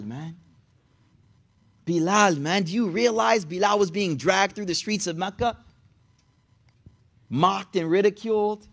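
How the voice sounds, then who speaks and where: A young man giving a casual, animated sermon to young people, telling stories in slang and acting out the people in them. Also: high voice. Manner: animated, slangy, storytelling with quoted voices. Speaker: religious teacher.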